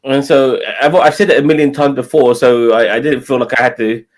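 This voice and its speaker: A man's voice: mid-range voice, fairly even intonation, fairly quick. A man co-hosting a live stream, ranting and swearing heavily in casual chat. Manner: swears a lot, exasperated ranting. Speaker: co-host.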